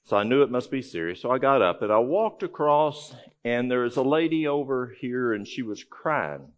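A man's voice: medium pitch, animated, normal speed, muffled recording. A man giving a conversational, folksy talk to a live audience, telling a story with frequent restarts. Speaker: health ministry speaker.

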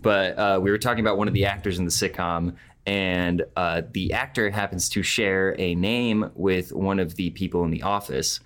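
A man's voice: sits low, fairly even intonation, moderate pace, fairly bright tone. A young man, a podcast guest, telling a casual story with lots of "uh" and "like" and frequent laughter. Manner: rambling, laughs often, many fillers like "uh" and "like".

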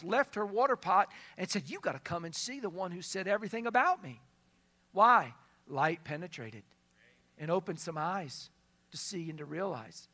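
Preacher, sermon, bright forceful tone, medium pitch, conversational, scripture retold as dialogue. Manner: retells scripture as lively dialogue; conversational, asks the congregation questions. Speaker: pastor.

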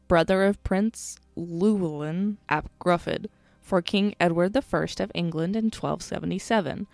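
A woman's voice: lowish voice, gravelly, a little mellow, no echo. A tired woman co-hosting a podcast, teasing her friend and then reading history steadily from notes. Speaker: podcast co-host. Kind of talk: casual chat and reading history.

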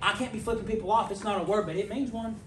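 A man preaching a sermon in a casual, joking way that builds to forceful emphasis, with big swings between loud and very quiet. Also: high-pitched, fairly even intonation, fast talker, a little hiss or hum. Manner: conversational and humorous, rising to forceful emphasis. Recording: echoey room, voice from a distance.

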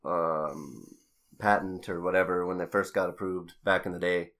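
Very deep-voiced man rambling on a podcast. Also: steady tone, fairly bright tone. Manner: rambling, halting with many restarts and fillers. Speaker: podcast host. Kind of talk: casual podcast chat.

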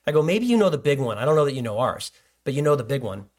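A man's voice: mid-range voice, sing-song, fast, darkish tone. A man, a pastor, preaching a sermon in a loose conversational way, with joking asides and stories.

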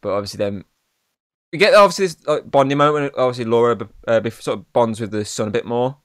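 With a mid-range voice and a quick pace, this young man co-hosts a podcast, chatting through a film recap in a rambling way. He swears a lot and leans on "obviously" constantly; the studio-quality sound has no echo.

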